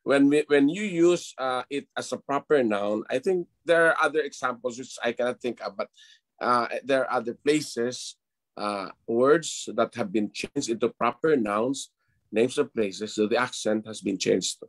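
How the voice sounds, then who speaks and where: A man who is a priest, speaking on an online panel over a video call, explaining in a measured way. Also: mid-range voice, no echo.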